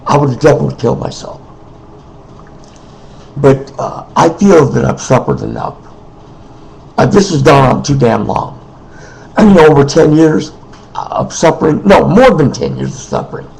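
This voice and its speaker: A man speaking in an unscripted personal monologue, emotional and weary, halting, repeating himself and often clearing his throat. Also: a little high, huge pitch swings, a little mellow, a little hiss or hum, poor audio. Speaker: person making a personal appeal.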